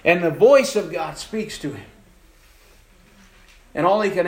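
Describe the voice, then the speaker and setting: A male pastor preaching a sermon in a church, swinging between hushed and raised passages and slowing down for emphasis. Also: sits high. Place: church sanctuary. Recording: echoey church room.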